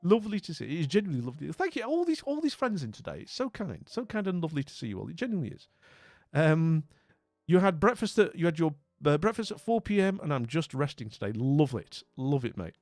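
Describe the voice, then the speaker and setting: A man's voice: a little high, sing-song, fast, darkish tone, no echo. A man from northern England, a streamer with a northern English accent, chatting casually and rambling, with restarts and friendly greetings, a bit weak after being ill. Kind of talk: casual live-stream chat.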